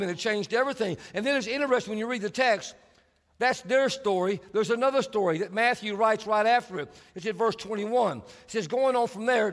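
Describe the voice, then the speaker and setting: A man preaching a sermon as pastor, emphatic and playful, leaning on deliberate repetition to drive points home. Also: high voice, a bit bright. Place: large church auditorium. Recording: long reverb of a large hall.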